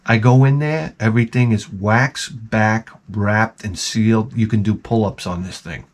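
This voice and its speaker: A man who installs closets, telling a profane, animated story in a casual rant and acting out the people in it. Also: on the low side, measured pace.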